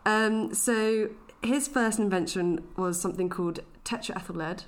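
A young woman co-hosting a casual podcast, playful and quick to laugh while reading out researched facts. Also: mid-range voice. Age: young adult. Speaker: podcast co-host. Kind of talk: casual chat.

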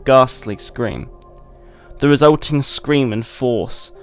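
A man hosting a podcast, giving a measured, deliberate dramatic reading of a short story. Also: medium pitch. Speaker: podcast host.

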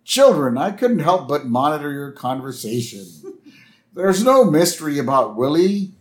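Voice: medium pitch, very animated, unhurried. A podcast host voicing a fussy male school principal in a stiff, officious tone.

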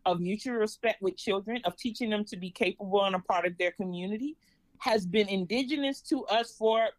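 A woman from Georgia with a Southern twang, a parenting coach talking in a casual interview, emphatic and quick to laugh. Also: medium pitch, no echo, low-quality recording. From Georgia, USA. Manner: lively, laughs often, emphatic.

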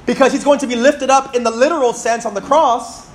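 A man in his thirties preaching a sermon in church, reading scripture slowly and calling out to the congregation. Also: extremely high pitch. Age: 30s. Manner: animated, reads scripture slowly and calls out to the congregation.

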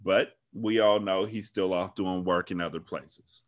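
A man co-hosting a casual TV recap podcast, animated and profane, laughing often. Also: deep voice, a little slow. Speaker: podcast co-host.

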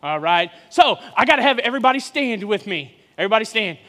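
A man in his forties, a guest preacher, giving a sermon with lively joking banter with the congregation. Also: high voice, fast, long reverb tail. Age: 40s. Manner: joking, energetic crowd banter. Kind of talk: sermon with audience interaction. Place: church hall.

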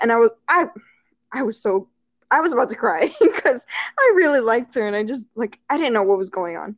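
Woman, fairly high voice, dry close sound, casual rambling storyteller, lots of fillers, laughs often. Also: animated, a little fast, dry recording. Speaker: storyteller on a chat show.

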